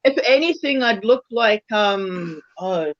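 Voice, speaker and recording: A man's voice: sits high, expressive, fairly bright tone, lo-fi sound. A man co-hosting a stream, teasing and butting in with jokes. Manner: teasing, jokey, quick to butt in. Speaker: co-host. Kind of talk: casual banter.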